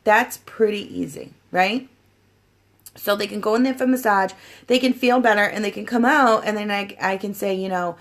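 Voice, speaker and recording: A woman in her thirties giving a casual coaching talk to her team, acting out customer chats in a lively, chatty way. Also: mid-range voice, normal speed. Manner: chatty, animated, acts out sales chats. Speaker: sponsor training her team. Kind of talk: casual coaching talk with role-play examples.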